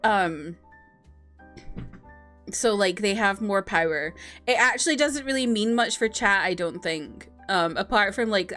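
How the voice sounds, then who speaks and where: A woman with a mid-range, fairly bright voice chats casually on a live stream, greeting viewers by name amid giggles and filler words.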